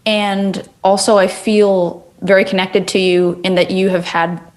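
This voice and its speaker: A woman's voice: medium pitch, level tone, a little slow. A woman hosting a talk show, speaking intensely and recalling memories in candid conversation. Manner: intense, listing memories in a rush of questions. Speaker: host.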